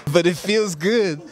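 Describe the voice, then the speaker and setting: A Trinidadian man, a comedian and actor, talking casually in an interview at a comedy event, laid-back and laughing as he tells jokes. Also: high voice. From Trinidad and Tobago. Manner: laid-back, laughing, slips into island voices.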